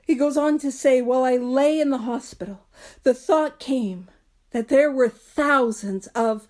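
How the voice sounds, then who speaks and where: Emphatic, earnest woman study leader, slightly higher pitch, casual self-deprecating asides. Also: measured pace, a little mellow. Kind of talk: casual teaching, reading aloud and explaining.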